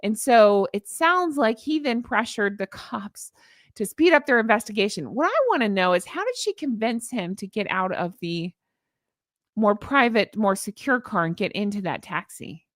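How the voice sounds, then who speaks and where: A sarcastic, animated woman in middle age hosts a casual livestream, reading an article aloud and breaking off to answer her chat. Her voice sits at an ordinary pitch for a woman. The sound is dry and close, with no room around it. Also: moderate pace, dry recording. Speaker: commentary channel host. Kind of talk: casual opinion chat with live chat.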